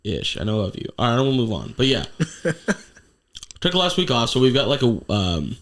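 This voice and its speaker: A man hosting a casual podcast from his home studio, sucking on cough drops for a sore throat, talking excitably and swearing as he laughs. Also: mid-range voice, a little fast. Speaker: podcast co-host.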